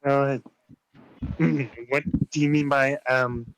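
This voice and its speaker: A man's voice: medium pitch, little pitch movement, slow pace, clean tone, no room sound, poor audio. A man playing a tabletop game, describing his character and talking hesitantly. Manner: hesitant, many fillers and restarts. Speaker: player. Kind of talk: tabletop game role-play.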